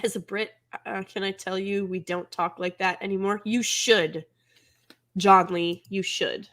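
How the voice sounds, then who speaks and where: A bright-voiced woman from the American Midwest co-hosts a casual podcast chat. She tells stories with bubbly energy, laughs often and swoops up high when she gets worked up. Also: steady tone, measured pace. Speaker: podcast co-host.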